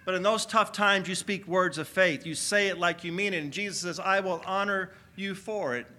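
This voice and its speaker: A pastor delivers a sermon in a high, bright voice. He is energetic and calls on his congregation to shout their answers back. He preaches to his church. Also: normal speed. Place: church sanctuary.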